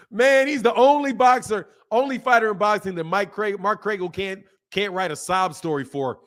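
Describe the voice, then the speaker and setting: Laughing often and full of opinions, a man with a voice that sits high answers his chat casually and with animation on his boxing channel.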